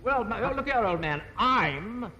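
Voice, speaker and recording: A man's voice: high-pitched, expressive, a little slow, pushed and bright, slight background noise, heavily acted, poor audio. A man with an English accent playing a polite, fussy businessman who stammers, in a 1950s TV sitcom. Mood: jolly. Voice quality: stammering, genteel. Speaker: company representative.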